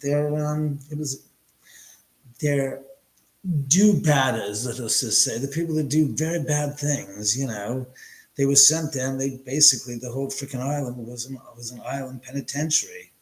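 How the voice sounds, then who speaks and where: Man, livestream host, rambling crude jokes, mid-pitched voice, echoey room. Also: normal speed. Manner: rambling, joking, crude banter. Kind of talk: casual livestream chat with viewers. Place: room in a house.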